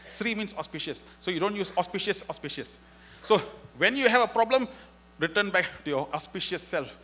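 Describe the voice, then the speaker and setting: A man with a fairly high, sharp voice gives an inspirational spiritual talk as a guest speaker in a festival hall. He tells stories animatedly, acting out their dialogue.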